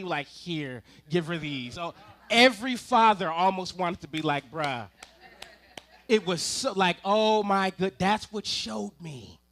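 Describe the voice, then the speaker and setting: A man preaching to a congregation in a high, bright voice. He spins humorous family stories and turns often to his listeners with playful asides. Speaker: ministerial intern preaching. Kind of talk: sermon with personal storytelling. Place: church service before a congregation.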